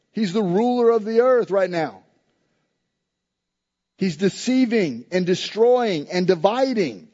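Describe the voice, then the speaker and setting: A pastor preaching a sermon in an emphatic, repetitive cadence. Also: male voice, high voice, warm tone, highs cut off.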